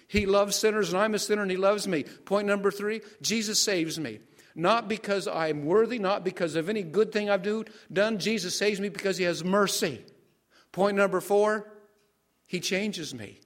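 Older male pastor preaching. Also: sits high. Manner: asks the congregation questions and waits for answers. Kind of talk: sermon.

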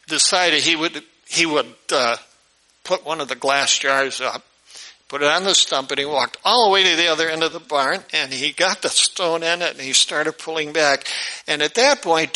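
Pastor guy spinning a folksy tale, high bright voice, does all the characters. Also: moderate pace, low-quality recording. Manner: animated, acts out the characters' voices. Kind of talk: storytelling sermon.

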